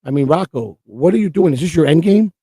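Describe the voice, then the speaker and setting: A man's voice: on the high side, lively intonation, fairly quick, dark tone, breathy edge, no room sound. A man co-hosting a streamed morning show, ranting in a profane, repetitive and emotional way. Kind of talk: heated livestream rant.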